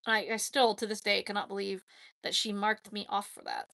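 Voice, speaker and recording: A woman hosting a casual question-and-answer chat, talking in a rambling, chatty way with lots of "like" and quick laughs. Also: medium pitch, creaky, sharp tone. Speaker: host answering viewer questions.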